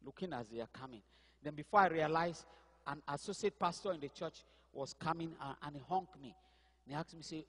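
Husky man preaching in a reverberant hall. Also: a little high, fairly quick. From Cameroon. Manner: storytelling, swings from quiet asides to loud crying out. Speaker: pastor. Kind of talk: sermon testimony.

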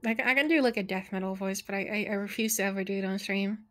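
A woman's voice: mid-range voice, quick pace, a bit bright. A young woman streamer chatting playfully with friends while playing a game, giggling and reading text aloud.

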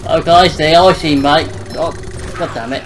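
A man's voice: a little high, normal speed, faint music behind, poor audio. Joking guy playing a game. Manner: joking, muttering and swearing at the game. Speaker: gameplay commentator. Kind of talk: casual let's-play commentary.

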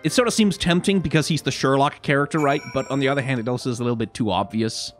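A man's voice: medium pitch, fast, faint music behind. A man streaming a game, chatting casually in a rambling, self-interrupting way. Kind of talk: casual chat while playing a game.

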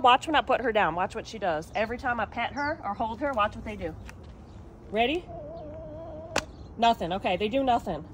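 A chatty, bubbly woman hosts a casual home vlog with a high, bright voice and a faint hiss behind her. She keeps turning to her viewers as she talks. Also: reverberant. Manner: chatty, bubbly, constantly addresses viewers as y'all. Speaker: vlog host. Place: home kitchen, then a sunny backyard chicken coop.

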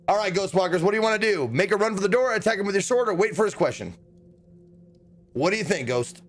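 High-voiced man streaming a game. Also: animated, fairly quick, a little hiss or hum. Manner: thinking aloud, hesitant, self-correcting. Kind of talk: casual live commentary.

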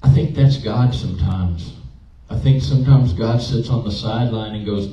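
A man's voice: on the low side, moderate pace, hardly any pauses, warm tone. A man, a pastor, preaching a conversational sermon, telling personal stories and asking his congregation questions. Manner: conversational, emotional storytelling with audience questions. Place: church sanctuary. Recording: roomy, distant, dull church recording.

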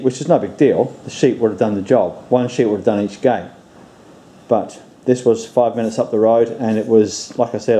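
A man hosting a do-it-yourself channel, sounding nasal and congested from illness, explaining his work in a relaxed, plain-spoken, practical way. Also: mid-range voice. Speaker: DIY channel host. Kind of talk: casual how-to explanation.

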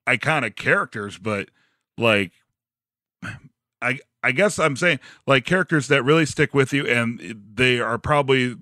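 A man's voice: medium pitch, measured pace, bright, forceful tone, no room sound, clean studio sound. A man hosting a podcast interview, enthusiastic and casual, often restarting his sentences. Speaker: podcast host.

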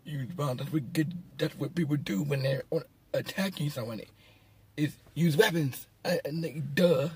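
A man's voice: fairly high pitch, moderate pace, breathy edge, dry recording. A man giving a casual, rambling film review, sarcastic and mocking, chuckling at his own jokes. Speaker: movie reviewer.

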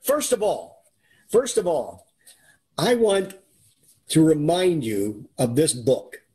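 A man's voice: fairly high pitch, big pitch swings, slow pace, mellow. A man hosting and introducing a video call interview, speaking earnestly and often repeating himself. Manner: earnest, repeats words while he talks. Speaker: interviewer, host. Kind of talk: casual talk to viewers and interview.

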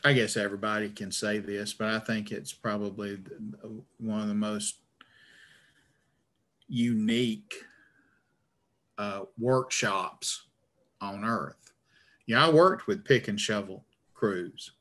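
A man's voice: fairly low pitch, steady tone, takes it slowly, long pauses, fairly bright tone. A man with a northern Alabama accent, an author in a video-call interview, talking in a rambling, stammering, self-deprecating way. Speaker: author guest. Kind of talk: conversational interview.

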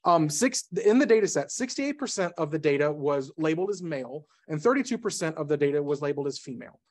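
A man giving a casual technical talk at a meetup, who talks quickly, breaks off mid-sentence and drops jokey asides. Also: a little high, expressive. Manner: rapid, self-interrupting, jokey asides. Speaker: conference speaker. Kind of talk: casual tech presentation. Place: meetup presentation room.

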